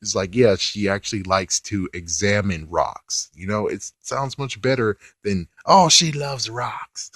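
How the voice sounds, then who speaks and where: A man's voice: lowish voice, measured pace, few pauses, a bit bright, no echo, studio quality. A man reviewing a TV episode in a casual rant, swearing offhandedly and laughing often.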